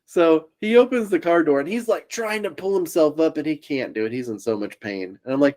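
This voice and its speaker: A man with a slightly raised speaking voice tells a long, rambling story as a podcast co-host. He keeps breaking into laughter and slips into quick voices for the people he describes. His manner is loose and animated, like talk among friends. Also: on the high side. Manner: laughs often through his own story. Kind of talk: casual storytelling chat.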